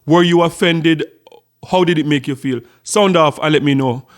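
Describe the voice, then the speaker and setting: A man's voice: on the high side, normal speed. A middle-aged Jamaican man hosting a casual vlog, telling a story in a chatty way with lots of repeated words. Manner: chatty storytelling with frequent repetitions. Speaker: channel host.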